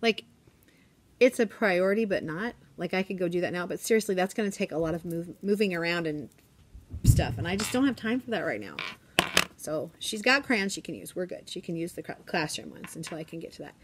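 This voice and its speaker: Chatty forties teacher woman, fairly low voice, slips into hushed asides, faint hiss behind. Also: animated, fairly quick. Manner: chatty, often drops to a hushed whisper. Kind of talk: casual classroom vlog chat. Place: classroom.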